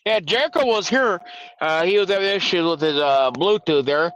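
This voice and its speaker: A man's voice: sits high, lively intonation, normal speed, fairly bright tone, a little hiss or hum. A man hosting a live stream who rants angrily about the country and greets callers, repeating himself and swearing. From United States. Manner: irritated, repetitive, swearing. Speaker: livestream host. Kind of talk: angry political rant and call-in chat. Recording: dull lo-fi stream audio.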